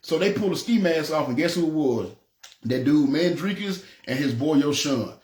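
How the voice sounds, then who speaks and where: A preacher from North Memphis with a Memphis Southern accent, telling his testimony in an animated way and acting out the voices he quotes. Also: fairly high pitch, moderate pace, reverberant. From North Memphis, USA. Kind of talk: testimony storytelling.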